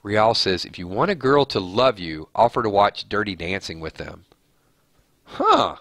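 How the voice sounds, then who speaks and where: A man's voice: fairly low pitch, very animated, a little slow, fairly bright tone, dry recording, studio quality. Chatty nasal man hosting a live stream. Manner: chatty, laughs easily, thinks aloud. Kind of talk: casual live-stream chat reading viewer comments.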